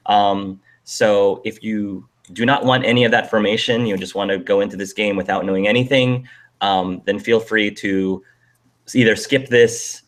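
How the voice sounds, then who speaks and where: Male host of an online panel, low voice, casual and friendly. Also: fairly even intonation, normal speed. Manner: friendly, with frequent fillers.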